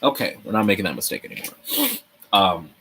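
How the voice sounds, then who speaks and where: This young livestream host talks fairly quickly in a low-pitched, creaky voice over slight background noise. Building a set, he chats with viewers in an animated, rambling way, swearing freely and laughing often.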